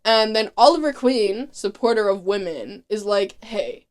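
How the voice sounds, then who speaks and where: A woman narrating a comedic TV recap in a profane, sarcastic, animated way. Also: mid-range voice, normal speed. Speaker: TV recap vlogger.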